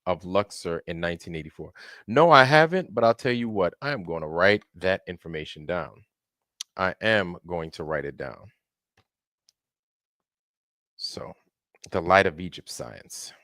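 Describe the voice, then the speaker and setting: A man's voice: deep voice, lively intonation, unhurried, pauses often, a bit bright, dry recording, studio quality. A man hosting a casual livestream, greeting viewers one by one in a laid-back way. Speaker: livestream host.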